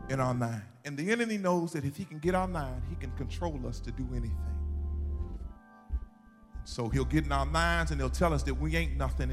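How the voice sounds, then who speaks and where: A man preaching a sermon, telling a story and building to shouted, sing-song peaks. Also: on the high side. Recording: long hall reverb, faint music behind.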